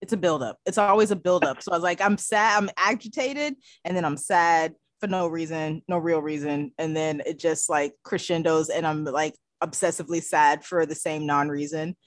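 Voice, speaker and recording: A woman's voice: low-pitched, moderate pace, hardly any pauses, no echo, studio quality. A woman in casual group chat, talking dramatically and laughing often. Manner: animated, laughing, dramatic swings in voice.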